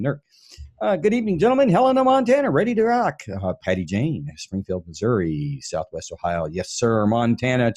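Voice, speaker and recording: Male live-stream host from the Pacific Northwest, lively pitch, easygoing and chuckling, reads listener names aloud. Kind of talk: casual live-stream chat.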